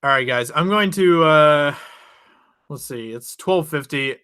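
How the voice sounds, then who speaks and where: A man's voice: on the high side, unhurried, pushed and bright, clean tone. A young man hosting his channel, casually telling a rambling personal story to his viewers and laughing often. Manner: rambling, chatty, laughs often, many restarts. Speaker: channel host.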